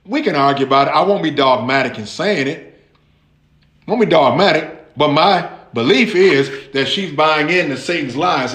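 A man preaching a lively sermon, talking straight to his listeners in a casual, conversational way. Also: fairly high pitch, normal speed, reverberant. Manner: animated, conversational, addresses listeners directly.

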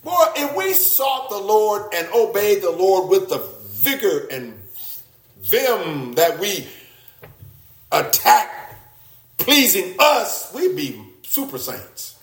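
A man preaching a sermon, swinging between loud exclamations and low, quiet asides, often repeating and restarting his words. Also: big pitch swings, takes it slowly, reverberant.

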